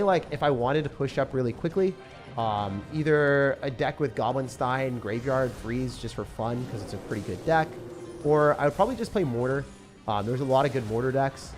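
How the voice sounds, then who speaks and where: Excitable young male game streamer. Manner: excitable, swings from shouting to low mumbling. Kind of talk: live game commentary. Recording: faint music behind.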